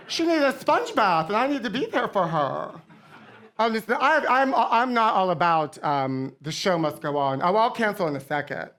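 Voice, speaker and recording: Her voice is mid-range, fairly bright and only lightly acted as she performs live character comedy on a theater stage. The comedy guest plays a vain, brash pop diva who rambles campily and addresses everyone as honey.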